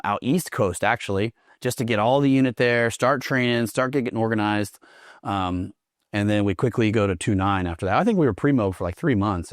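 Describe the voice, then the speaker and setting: A man's voice: fairly low pitch, dry recording, studio quality. Profane, laughing man telling war stories. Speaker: podcast guest, Marine veteran. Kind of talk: casual storytelling interview.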